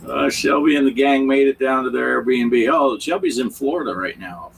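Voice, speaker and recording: A man's voice: mid-range voice, normal speed, gravelly, slight background noise, low-quality recording. A man hosting a casual livestream chat, telling rambling stories. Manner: chatty, rambling storyteller. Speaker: livestream host.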